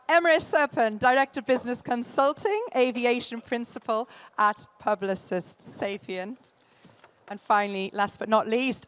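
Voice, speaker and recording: A woman with a Geordie accent introducing speakers as moderator of a conference keynote panel, upbeat and lively. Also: a little high, clear, resonant tone. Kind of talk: live event hosting.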